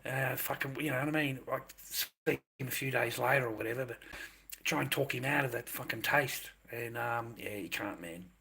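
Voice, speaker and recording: A man's voice: mid-range voice, normal speed, creaky, sharp tone, slightly rough. A middle-aged man, telling long, loose stories on a livestream with plenty of swearing and slang. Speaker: livestream host. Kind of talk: rambling casual storytelling.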